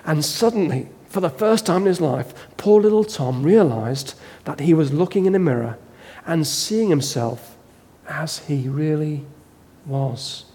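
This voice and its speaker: A man preaching a sermon, telling a story with slow, dramatic delivery. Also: on the high side, animated, warm tone. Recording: long reverb of a large hall.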